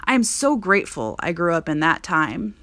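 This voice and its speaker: Chatty woman with a lowish voice. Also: very animated, moderate pace, sharp tone, no room sound. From Montana, USA. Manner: chatty, frequent "um" fillers. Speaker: podcast host. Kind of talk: casual personal monologue.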